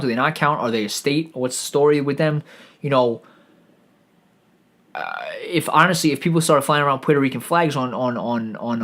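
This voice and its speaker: A podcast host, rambling through a profane solo monologue full of restarts and stammered false starts. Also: male voice, medium pitch, fairly bright tone. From New York.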